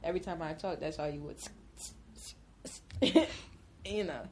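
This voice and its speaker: A woman talking candidly as an interview guest, drawing out her words to cover a slight lisp. Her voice sits a little low, with faint background noise. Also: measured pace, darkish tone. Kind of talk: casual candid chat.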